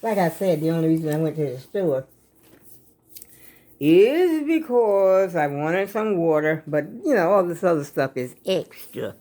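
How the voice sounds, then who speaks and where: A woman's voice: on the low side, big pitch swings, unhurried, warm tone. An older woman, chatting casually to her viewers in a rambling way, a bit out of breath. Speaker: vlogger. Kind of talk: casual vlog chat.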